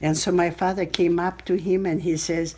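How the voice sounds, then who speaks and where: An elderly woman in her eighties from Belarus tells her memories in an interview, her voice sitting a little low. She speaks haltingly, restarting phrases as she searches for words. It is captured on a cell phone. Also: little pitch movement, darkish tone, breathy edge. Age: 80s. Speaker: Holocaust survivor interviewee. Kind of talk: personal storytelling in an interview.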